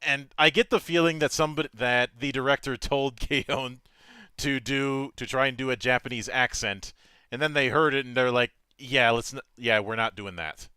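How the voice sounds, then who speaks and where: A man's voice: mid-range voice, steady tone, normal speed, sharp tone, smooth, dry recording. A man in a casual podcast chat, making digressive asides with many restarts.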